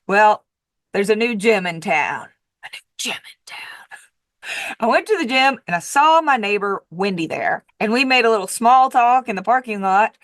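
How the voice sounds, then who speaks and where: A woman's voice: mid-range voice, expressive, moderate pace, fairly bright tone, no echo. Emphatic woman vlogger, dry close sound. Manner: emphatic and repetitive, with casual swearing. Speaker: diet coach and vlogger. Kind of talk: casual motivational monologue.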